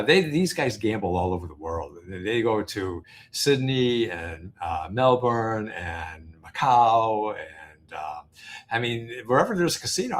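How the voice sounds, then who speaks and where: A man, an interview guest, telling a story in a casual, halting way, full of fillers and restarts. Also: fairly low pitch. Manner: animated, laughing storyteller. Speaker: interview guest, business founder.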